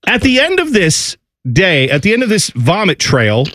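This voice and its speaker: A man in his thirties telling a lively family story in casual chat, acting out his kids' voices. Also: sits high, normal speed, no echo. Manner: animated, acts out family voices.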